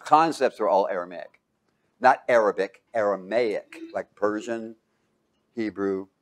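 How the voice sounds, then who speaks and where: A man's voice: lowish voice, a little slow. A man teaching a Bible class, quizzing his students with fill-in questions and breaking into sudden exclamations.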